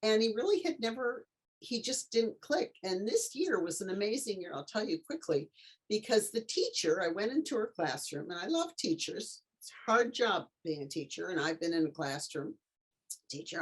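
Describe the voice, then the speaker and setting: Husky and mid-range in pitch, this middle-aged woman speaks at a moderate pace. An author and tutor, she's an interview guest who tells a story with animation, acting out the characters' voices.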